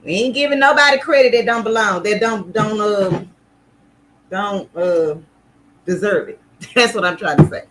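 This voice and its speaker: Loud, playful woman hosting a livestream. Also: medium pitch, moderate pace, pauses often, slight background noise, low-quality recording. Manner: loud and extra, playful, chatty with viewers. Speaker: livestream sewing host. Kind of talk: casual livestream chat.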